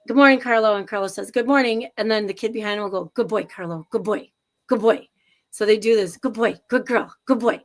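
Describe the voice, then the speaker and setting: A woman co-hosting a casual livestream chat from home over a video call, telling stories in a chatty, laughing way. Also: fairly high pitch. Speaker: co-host and middle school teacher. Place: at home with a house full of people. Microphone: video call setup.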